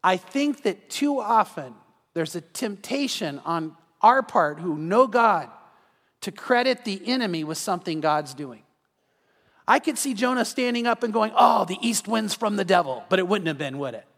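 A male pastor giving an evening sermon in a conversational way, acting out everyday scenes in quick quoted voices. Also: high voice, animated, fairly bright tone. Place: church sanctuary. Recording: long reverb of a large hall.

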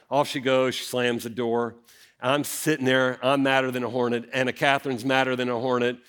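A middle-aged man, a senior pastor preaching a sermon and telling a family story with dramatic swings in his voice. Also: fairly quick. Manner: animated, dramatic storyteller with big swings in pitch.

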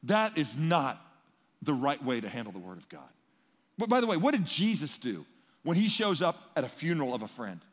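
A male pastor preaching a sermon in a conversational, emphatic way, swinging between loud and hushed. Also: on the high side, sing-song, normal speed. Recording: long reverb in a large hall.

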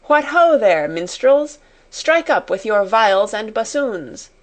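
Dreamy, gracious girl read by a woman, grand, unhurried storytelling speech. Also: mid-range voice, lively intonation, close to an everyday voice.

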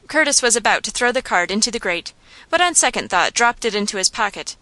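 Bright-voiced woman reading an audiobook. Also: mid-range voice, animated, normal speed, clean tone, no echo. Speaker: audiobook reader. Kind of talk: audiobook narration.

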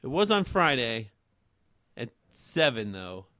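A man's voice: medium pitch, big pitch swings, takes it slowly, bright, forceful tone, no room sound. A young man co-hosting a casual chat, crude and teasing, cutting in with jokes. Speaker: podcast co-host.

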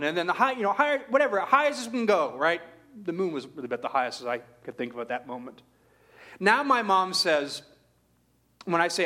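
A man's voice: a little high, expressive, normal speed, bright, forceful tone. A man preaching a sermon in an earnest manner, repeating rhetorical questions with shifting emphasis.

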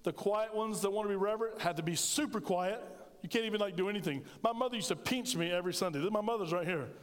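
High-voiced pastor preaching. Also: male voice, fast. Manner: storytelling, animated, jokes with congregation. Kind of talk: sermon. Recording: reverberant church sanctuary.

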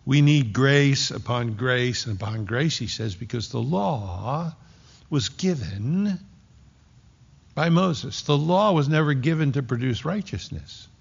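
Man preaching a sermon real slow, gravelly voice, kinda dull lo-fi sound. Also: mid-range voice, lively intonation. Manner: slow, emphatic preaching with dramatic pauses. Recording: dull lo-fi recording.

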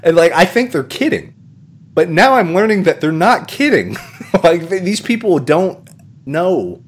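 A man's voice: sits high, a little slow, slightly rough. A man chatting casually on a podcast, telling stories and acting out what other people said. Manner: animated storyteller, acts out quoted voices. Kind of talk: casual chat.

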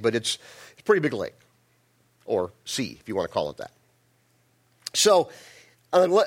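A male pastor giving a sermon, telling the story in a folksy, joking way with many restarts. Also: a little high.

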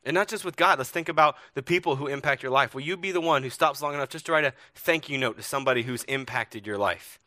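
A man's voice: medium pitch, fast, few pauses, no room sound, clean studio sound. A man preaching a sermon to his church, telling stories and asking earnest rhetorical questions. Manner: earnest storytelling, rhetorical questions, varied loudness. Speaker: pastor.

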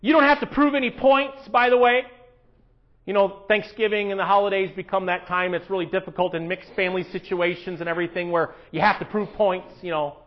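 A man with a high voice preaches to his congregation, animated, dropping to a hush and then rising to loud emphatic lines. The recording is dull and lo-fi. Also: fairly quick. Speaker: pastor. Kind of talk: sermon. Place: church.

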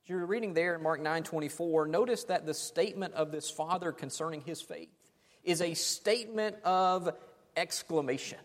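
A man's voice: a little high, normal speed. A man preaching a sermon, dramatic, letting his phrases fade off almost to silence. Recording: long hall reverb.

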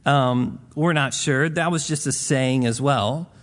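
A man's voice: medium pitch, takes it slowly. A man preaching a Bible teaching in a casual, conversational way, retelling scripture stories in plain modern words.

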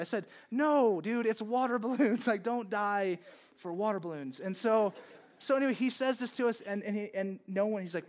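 High-pitched male pastor; relaxed, rambling storyteller style in a sermon. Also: fairly quick. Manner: casual storytelling, lots of fillers like "like" and "okay".

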